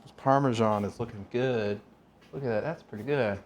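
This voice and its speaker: Casual streamer: man, mid-pitched, talking to chat while he cooks, faint background hiss. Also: normal speed. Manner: chatty, asks viewers questions, rambles while working. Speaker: streamer cooking live.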